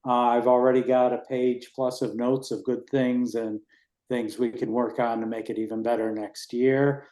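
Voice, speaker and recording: A man in his sixties giving a rambling, relaxed report on the race he organizes at a town committee meeting. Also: medium pitch, moderate pace, roomy sound. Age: 60s. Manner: rambling, relaxed, with fillers and restarts.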